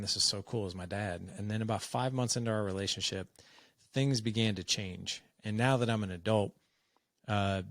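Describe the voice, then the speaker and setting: A man's voice: fairly low pitch, a bit bright, no room sound, studio quality. A man in his forties, a podcast guest, telling a personal story in a frank, conversational way and acting out the dialogue. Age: 40s.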